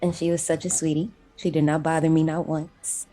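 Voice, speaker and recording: A woman's voice: low-pitched, level tone, a little fast, warm tone, faint music behind. A woman hosting a casual horror podcast, upbeat and teasing as she chats with her co-hosts. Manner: upbeat, teasing, laughs often. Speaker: podcast host.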